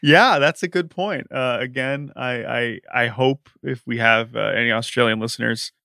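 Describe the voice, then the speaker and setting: A man co-hosting a relaxed sports podcast, talking with animated energy and slipping into quick mock voices. His tone is bright and forceful. The sound is dry and close. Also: mid-range voice, creaky, no room sound. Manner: animated, quick to mock-quote people in a put-on voice. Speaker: podcast co-host. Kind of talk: casual sports chat.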